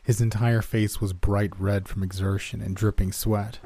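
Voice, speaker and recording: A man narrating a first-person horror story in a measured, somber way. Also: fairly low pitch, flat delivery, warm tone, a little hiss or hum.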